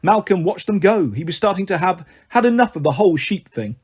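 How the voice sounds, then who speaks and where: A man tells a children's story with a lively, springy delivery. His voice sits high and swoops around a lot, with a slightly breathy edge. He plays up every scene. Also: brisk. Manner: lively, acts out every character with shifting voices. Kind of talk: audiobook reading of a children's novel.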